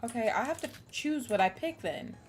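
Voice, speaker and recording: A woman's voice: on the high side, lively intonation, moderate pace, slight background noise. A young woman streamer chatting casually with her viewers, swearing and nervous about the game ahead. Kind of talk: casual live-stream chat.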